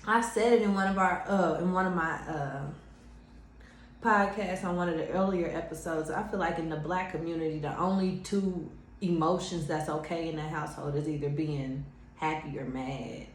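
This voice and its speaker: A woman's voice: low voice, fairly even intonation, normal speed. A woman hosting a podcast in casual chat, blunt and profane, laughing easily as she talks. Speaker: podcast host. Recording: echoey room with faint background noise.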